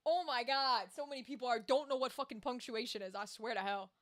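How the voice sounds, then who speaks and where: A woman's voice: a little high, fairly quick. A woman streaming as a voice actor, chatting casually and candidly, swearing freely with lots of asides. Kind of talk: casual livestream chat.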